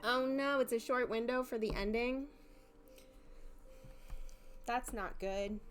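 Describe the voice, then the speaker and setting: A woman's voice: on the high side, slow. Young woman, casual streamer chat, repeats herself, light music behind. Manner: chatty, self-mocking, repeats phrases, swears casually. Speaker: art streamer. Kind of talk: casual live-stream chat while painting. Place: home living room. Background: soft music playing.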